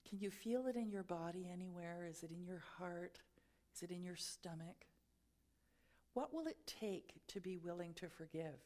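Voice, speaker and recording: A woman giving a sermon at a spiritual centre, telling a personal story in a reflective, gently guiding way and laughing at herself now and then. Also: lowish voice, moderate pace. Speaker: spiritual speaker.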